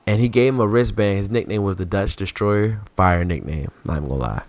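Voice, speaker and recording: A man chatting casually about sports as a podcast co-host, telling stories in an animated, slangy way. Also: fairly low pitch, a little fast, dry recording.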